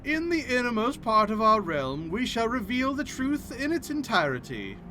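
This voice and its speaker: A man's voice: very high-pitched, huge pitch swings, moderate pace, pushed and bright, voice pushed up, exaggerated voice. A man reading aloud the lines of a solemn ancient male god in archaic, declaiming speech.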